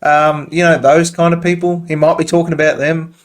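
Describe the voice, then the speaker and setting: A man's voice: on the high side, flat delivery, a little fast. A man with an Australian accent hosting a casual podcast, giving blunt, swear-laden opinions with plenty of fillers. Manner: blunt, profane, offhand commentary with frequent fillers. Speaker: podcast host.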